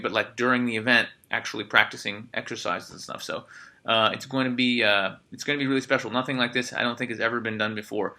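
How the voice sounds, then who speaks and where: A man hosting a podcast, talking in a loose, energetic way and swearing freely as he chats. His voice is very bright and sharp, at a middling pitch for a man. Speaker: podcast host. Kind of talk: casual podcast chat.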